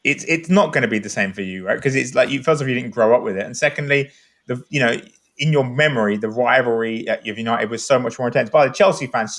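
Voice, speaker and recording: A man's voice: mid-range voice, fairly bright tone. A man talking football on a podcast in a rambling, enthusiastic, casual way. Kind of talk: animated casual chat.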